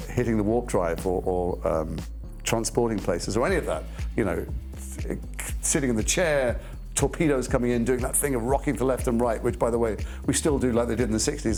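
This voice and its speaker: Gravelly low-voiced man reminiscing. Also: a little mellow. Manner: thoughtful, trailing restarts, self-deprecating. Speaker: actor interviewed about his career. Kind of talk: reflective anecdotal interview.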